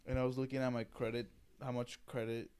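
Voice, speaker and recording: A man's voice: mid-range voice, little pitch movement, quick pace, darkish tone, clean tone. A man in his mid-twenties, co-hosting a podcast, talking in a laid-back, crude, joking way. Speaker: podcast co-host. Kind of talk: casual chat.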